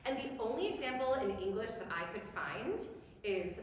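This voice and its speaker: A woman giving a diction lecture, slowly demonstrating sounds and having the audience repeat them. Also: on the high side, big pitch swings. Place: lecture hall. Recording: very echoey hall, long reverb.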